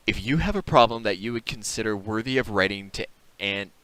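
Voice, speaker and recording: A man with a fairly low, bright and clear voice, co-hosting a podcast in easygoing casual chat. The sound is dry and close, with little room in it. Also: expressive, a little fast, dry recording, low-quality recording. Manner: easygoing, introduces topics with light humor. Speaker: podcast co-host.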